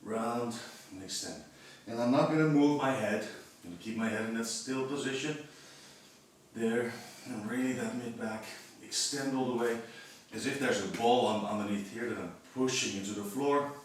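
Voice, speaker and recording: A man leading a physiotherapy workout, explaining each movement and counting reps in a calm, encouraging way. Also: mid-range voice, normal speed, a little hiss or hum. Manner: calm, encouraging, demonstrates while talking. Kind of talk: exercise instruction, counting reps. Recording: echoey room, voice from a distance.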